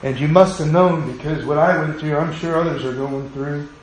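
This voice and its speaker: A man preaching a sermon as pastor and leading a prayer, earnest and pleading, often dropping to a quiet hush. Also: on the high side, moderate pace, slight background noise. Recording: very echoey room with faint ambience.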